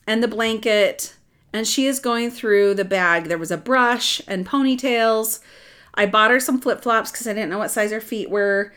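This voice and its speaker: Middle-aged lady rambling through a story, animated, lots of restarts. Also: on the high side, measured pace. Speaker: adoptive mother telling her story. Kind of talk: casual storytelling chat.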